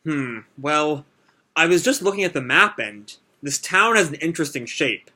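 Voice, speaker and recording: A man's voice: a little high, lively intonation, moderate pace, sharp tone, heavily acted. A man reading the lines of a curious young woman in a manga, in a musing tone.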